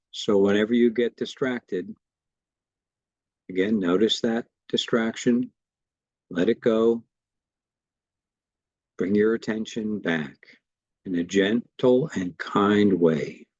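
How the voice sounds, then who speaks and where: Man, meditation teacher, gentle and reassuring, lowish voice, unhurried, muffled lo-fi sound. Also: no echo. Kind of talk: guided meditation instruction.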